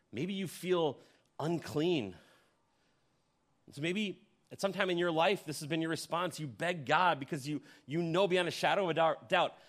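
Fairly high-voiced man preaching a sermon. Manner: vivid storytelling, swinging between loud emphasis and hushed near-whispers; addresses the congregation directly with questions. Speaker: pastor.

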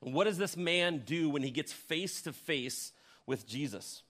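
Guy pastor preaching, kinda high voice, tells it like a story, gets loud then drops real quiet, asks the church stuff. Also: a little slow. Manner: vivid storytelling, swinging between loud emphasis and hushed near-whispers; addresses the congregation directly with questions. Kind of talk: sermon.

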